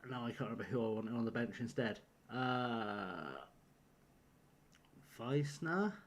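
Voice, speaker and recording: A man's voice: medium pitch, unhurried. A man live-streaming a football management game, rambling and flustered as he talks himself through picking his team. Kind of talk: live-streamed gameplay commentary.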